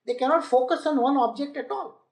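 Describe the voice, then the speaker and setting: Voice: sits high, steady tone, a little fast. A spiritual teacher giving a scripture lecture, asking listeners rhetorical questions and mocking boastful people by quoting them.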